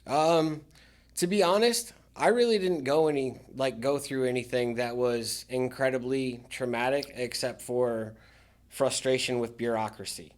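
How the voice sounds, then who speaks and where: A man's voice: medium pitch, fairly even intonation, unhurried. A man speaking as a podcast guest, a military veteran talking candidly about his recovery with dry sarcastic humor. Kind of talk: candid casual interview talk.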